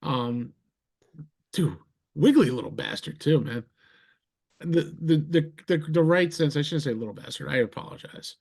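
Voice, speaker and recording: Animated storytelling man from New Jersey. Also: unhurried, gravelly, husky. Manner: animated storyteller, jumps to a much higher pitch for quoted voices. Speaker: podcast host. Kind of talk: casual chat, storytelling.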